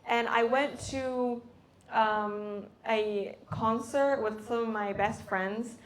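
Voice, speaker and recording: Speaking slowly in a fairly even, high-leaning voice, a teenage girl from the United States shares her exchange-student story during a relaxed hosted chat. She fills her talk with fillers and acts out how she reacted.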